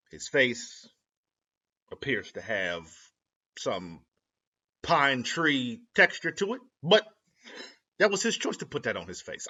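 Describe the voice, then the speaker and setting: A man's voice: mid-range voice, bright, forceful tone, husky. A young man from Ohio rambling casually to camera, slangy and self-interrupting, laughing at his own jokes. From Ohio, USA. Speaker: vlogger. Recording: lo-fi dull audio.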